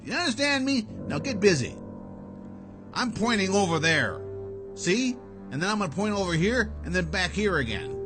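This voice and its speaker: Blustering comic house defender, played by a man, loud and sarcastic, lively high voice. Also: normal speed, music in the background. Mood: angry. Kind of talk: comic parody acting.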